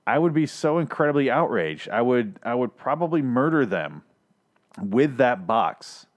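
A man's voice: medium pitch, sing-song, normal speed. A man hosting a casual TV review podcast, rambling, sarcastic and profane, often interrupting himself. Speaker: podcast host reviewing TV episodes.

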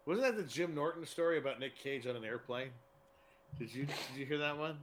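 Bright-voiced rambling podcast co-host man. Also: fairly high pitch, brisk, slight background noise. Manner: rambling, laughing, blurting loud yelps. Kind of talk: casual chat.

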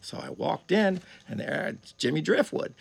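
Gravelly, animated male storyteller. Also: fairly high pitch, measured pace. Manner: animated, chuckling often. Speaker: guest musician. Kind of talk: casual storytelling.

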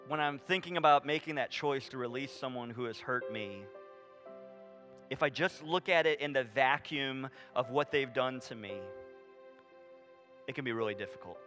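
A man preaching a sermon, animated and conversational, acting out quoted voices and dropping to a hush for emphasis. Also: medium pitch, moderate pace, faint music behind. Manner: animated, swings from loud emphasis to hushed near-whisper; acts out quoted voices, casual fillers like "I mean" and "right?". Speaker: pastor.

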